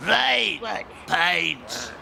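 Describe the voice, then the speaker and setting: An actor with a Scottish accent playing a loud, brash middle-aged pub regular who heckles and shouts. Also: male voice, high-pitched, very animated, very slow, vocal fry, heavily acted. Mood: rowdy. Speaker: comedy sketch actor. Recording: noisy TV clip.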